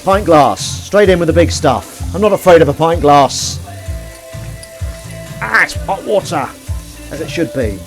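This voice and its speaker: A jokey man rambles through stories with a lively, bouncing pitch. He talks casually and often laughs at his own jokes. Faint music plays behind him as water runs. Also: measured pace, long pauses. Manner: chatty, jokey, self-mocking, rambling. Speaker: livestream host. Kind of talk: casual chat while washing up.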